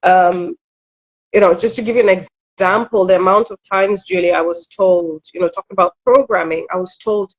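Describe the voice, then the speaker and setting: Interviewed about her work, a Kenyan relationship coach in middle age reflects candidly, earnest and prone to brief asides. She speaks on the low side with a steady tone, and the audio is rough.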